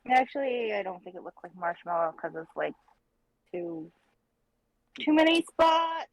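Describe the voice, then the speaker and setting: A woman's voice: fairly low pitch, expressive, normal speed, gravelly, no echo, low-quality recording. A woman chatting casually while drawing on a livestream, explaining things plainly step by step. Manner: matter-of-fact, explains step by step. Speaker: livestream artist.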